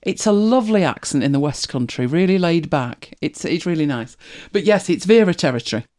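Host, casual chat to viewers, animated pitch, chatty and self-correcting. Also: fairly quick. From United Kingdom. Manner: chatty, rambling, self-correcting, laughs often. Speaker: livestream host.

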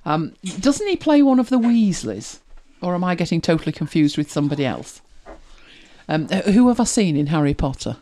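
A woman's voice: on the low side, sing-song, brisk, warm tone. A middle-aged woman from Manchester with a mild Manchester accent, chatting casually as a host, rambling and laughing often. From England, Manchester. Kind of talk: casual chat, reading listener comments.

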